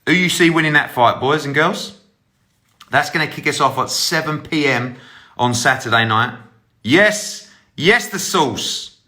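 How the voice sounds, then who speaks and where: Holding his phone while walking, a middle-aged man who promotes sports chats with live-stream viewers, brash, upbeat, a bit breathless, and swearing casually. He has a mid-range voice with a sharp edge at a normal pace, and the recording is rough.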